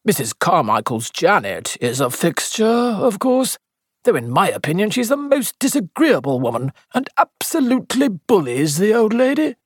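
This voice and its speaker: A woman's voice: medium pitch, big pitch swings, normal speed, dry recording, studio quality, pitched above the performer's own voice. A woman reader voicing a self-important, gossiping older spinster who disapproves of her neighbours. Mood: gossipy, self-important.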